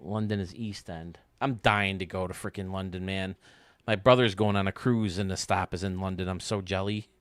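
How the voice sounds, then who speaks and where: A man's voice: deep voice, steady tone, moderate pace, no echo. Rambling, joking male streamer. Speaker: streamer hosting a baseball game stream. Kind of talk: casual chat while playing.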